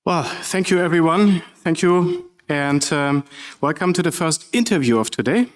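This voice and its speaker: A man's voice: fairly high pitch, animated, moderate pace. A man introducing a guest in a friendly, lightly joking way. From Germany. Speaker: interviewer. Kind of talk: formal introduction.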